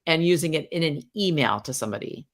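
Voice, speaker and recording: A woman's voice: low voice, animated, fast talker. A woman co-hosting a tech podcast, chatting casually and laughing now and then as she talks. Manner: friendly, laughs while talking. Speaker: podcast co-host. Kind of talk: casual chat.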